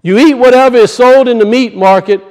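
A male pastor preaching a conversational sermon, acting out little voices and dropping low for asides. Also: fairly quick, a little mellow.

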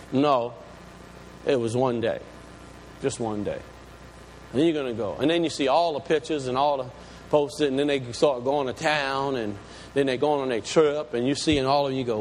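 A man preaching a sermon, dramatic, swinging between loud exclamations and hushed lines, in a large church. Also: mid-range voice, normal speed. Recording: long hall reverb, faint room noise.

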